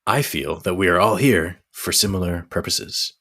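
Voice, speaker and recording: A man's voice: deep voice, normal speed, pushed and bright, full character voice. A man voicing a grinning hunter with a chipper, slightly formal manner. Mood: cheerful.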